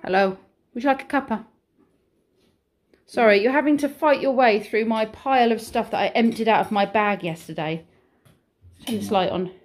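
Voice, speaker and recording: A middle-aged British woman, a vlogger and childminder, coaxes toddlers in a sing-song voice in her home kitchen and playroom, chatting about her day between moments. Her voice sits on the high side, with a moderate pace and long pauses.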